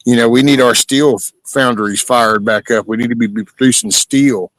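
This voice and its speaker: A man's voice: medium pitch, fairly even intonation, normal speed, no echo, rough recording. A Texan man hosting a casual livestream chat, rambling through opinions. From Texas.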